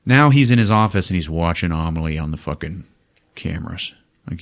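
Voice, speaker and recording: A man hosting a podcast, recapping a movie in a casual comic way, animated, laughing and swearing freely. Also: deep voice, moderate pace, gravelly, pauses often. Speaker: podcast host.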